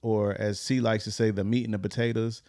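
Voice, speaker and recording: Low gravelly guy on a podcast, laid-back chat, dry close mic. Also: a little fast, no echo. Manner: relaxed, laid-back with many fillers. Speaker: podcast co-host. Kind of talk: casual chat with a short scripture message.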